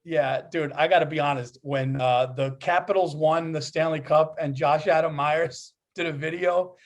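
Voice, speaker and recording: Excitable high-pitched man co-hosting. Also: normal speed. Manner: excitable, profane, laughs mid-sentence. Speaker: podcast co-host. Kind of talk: casual chat.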